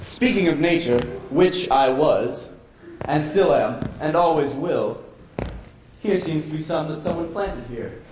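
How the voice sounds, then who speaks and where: Man doing a moody actor talking to himself onstage, real slow, kinda high voice, echoey room. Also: darkish tone, slight background noise, natural voice. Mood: musing. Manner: slow, musing, wistful delivery. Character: lonely, brooding male actor alone on stage. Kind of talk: stage monologue. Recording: echoey stage recording.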